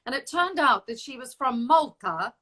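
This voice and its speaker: Female interview host, high and bright, chatty with easy laughs. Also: expressive, moderate pace, rough recording. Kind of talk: casual interview chat.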